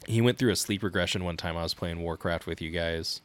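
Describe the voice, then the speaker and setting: Deep-voiced man telling animated stories. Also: fast talker. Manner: animated storytelling with laughs. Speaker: podcast co-host. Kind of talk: casual chat.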